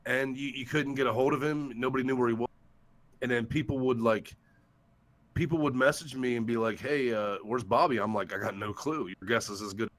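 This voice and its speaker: A man's voice: medium pitch, steady tone, a little fast. A man talking casually on a livestream call-in show, telling a story bluntly and with a lot of swearing. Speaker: guest YouTuber. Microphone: headset or desktop mic on call-in.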